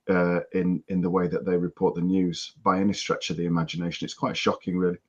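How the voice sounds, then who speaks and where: Very deep-voiced disapproving British man. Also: darkish tone. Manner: earnest, disapproving, many restarts. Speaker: podcast co-host. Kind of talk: casual chat. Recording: dull lo-fi audio.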